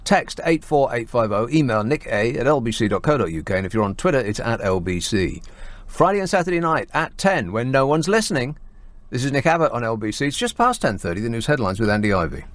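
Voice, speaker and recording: A man's voice: medium pitch, sing-song, fast, no echo. A man hosting a late-night radio phone-in, talking in a dry, sarcastic way.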